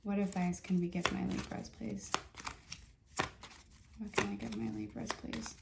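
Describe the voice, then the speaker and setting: A woman giving a casual tarot reading in a chatty, halting way, full of fillers and restarts. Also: medium pitch, very animated, vocal fry, roomy sound, very noisy. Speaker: tarot reader.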